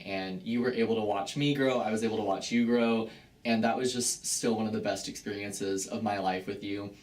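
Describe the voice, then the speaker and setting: A young man in his twenties, with a low voice, rambles warmly through farewell tributes at a banquet. He fills his sentences with "like" and "um" and laughs at his own slips as he turns sincere. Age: 20s. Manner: rambling, filler-heavy, laughs at himself. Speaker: student tour guide giving farewell tributes. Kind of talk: emotional speech at a banquet. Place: banquet room indoors.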